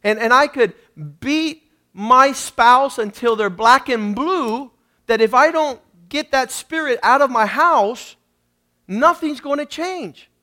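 A male pastor delivers an emphatic sermon in a strikingly high voice. He calls on the congregation to repeat after him and swings between loud emphasis and quiet asides. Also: takes it slowly. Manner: emphatic preaching with congregation call-and-response.

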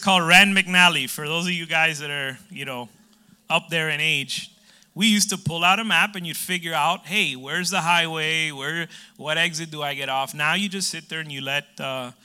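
A man's voice: fairly high pitch, bright, forceful tone. A middle-aged man preaching a sermon in a conversational way, with humor and asides to the congregation.

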